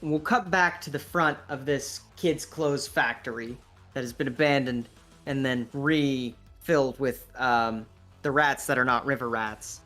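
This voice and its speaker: Slow, swearing tabletop game master. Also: medium pitch, fairly bright tone, soft background music. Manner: casual, profane, rambling.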